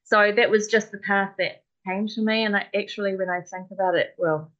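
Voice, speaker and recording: A woman's voice: medium pitch, steady tone, fairly quick, fairly bright tone, lo-fi sound. A New Zealand woman in her forties, a podcast guest talking in a modest, hesitant way. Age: 40s. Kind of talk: casual conversation.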